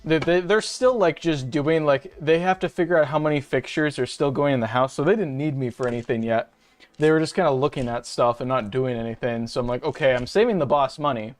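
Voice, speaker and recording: Venting to his viewers, the young self-described femboy hosting this channel rambles through a profane, casual rant from home, picked up by a webcam and desk mic. He speaks at medium pitch and a little fast.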